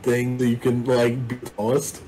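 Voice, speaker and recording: A man's voice: mid-range voice, completely flat delivery, a little slow, noisy background. A man narrating a tabletop role-playing game as game master, in a casual, rambling way with many fillers.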